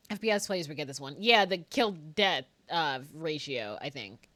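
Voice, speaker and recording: Giggly foul-mouthed girl streamer, bright voice, swings all over the place. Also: deep voice, lively intonation, moderate pace. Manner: giggly, crude and playful, jumps between topics. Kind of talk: casual live-stream chatter while gaming.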